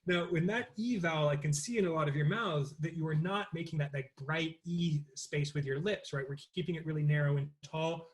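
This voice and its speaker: Man teaching voice, pitched a bit high. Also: a little fast, few pauses. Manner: explains in loose bursts, then sings vocal exercises. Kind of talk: interactive online voice lesson.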